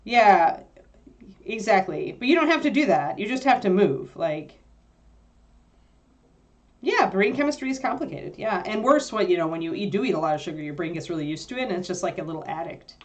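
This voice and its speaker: A woman's voice: medium pitch, expressive, a little fast. A woman co-hosting a livestream, chatting casually with viewers, rambling with lots of fillers and easy laughs. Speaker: livestream co-host answering chat. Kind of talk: casual chat.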